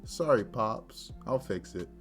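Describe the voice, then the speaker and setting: A man doing a deadpan young muscleman. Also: lowish voice, slow pace, soft background music. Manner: flat, deadpan. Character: strong young man, calm and unbothered.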